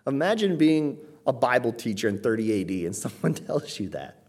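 A man preaching a sermon at a middle pitch, talking through scripture in a relaxed, conversational manner. He turns emphatic when he reads passages aloud, and he drops in casual asides along the way. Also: normal speed, husky. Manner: conversational asides with light laughter.

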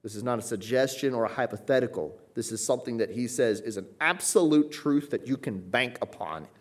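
A man preaching a sermon as a pastor in church, explaining scripture in an emphatic, conversational way and often checking in with listeners with quick asides. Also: mid-range voice.

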